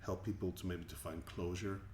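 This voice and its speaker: Brief: male musician from Colombia, interview guest, very low voice, earnest and reflective, roomy recording. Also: fairly even intonation, a little fast, a little mellow. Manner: thoughtful, earnest, repeats words as he goes. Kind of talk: interview answers. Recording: echoey room with faint ambient noise.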